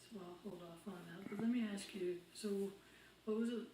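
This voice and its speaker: A woman's voice: mid-range voice, normal speed, mellow, reverberant, slight background noise, poor audio. A woman interviewing a guest, sometimes stumbling over her questions. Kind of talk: oral history interview.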